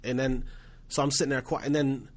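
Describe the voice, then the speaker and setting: A man hosting a podcast, telling a comedy club story in a loose, animated way and swearing freely. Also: medium pitch, a little fast. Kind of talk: casual storytelling chat.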